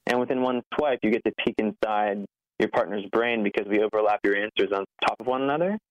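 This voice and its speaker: A man's voice: on the low side, quick pace, no echo. Earnest man on a muffled line. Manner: earnest, frequent "like" fillers, nervous laugh. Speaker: podcast guest, app founder. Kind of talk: conversational interview. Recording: dull, muffled lo-fi sound.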